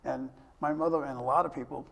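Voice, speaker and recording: A man's voice: medium pitch, fairly even intonation, quick pace, gravelly, fairly bright tone. An older man hosting a talk show interview, chatty and telling long personal stories. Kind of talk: casual interview chat.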